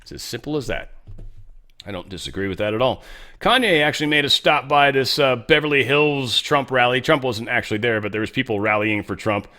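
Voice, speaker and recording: A man's voice: mid-range voice, a little fast, pushed and bright. A man runs a casual political commentary show in a blunt, opinionated voice. He reads posts and poll figures aloud.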